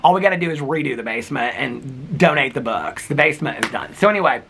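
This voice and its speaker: A man's voice: medium pitch, lively intonation, fast, sharp tone, a little hiss or hum. A man in his fifties vlogging in a rambling, chatty way, telling stories with many fillers and laughs. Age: 50s. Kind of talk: casual chat to camera.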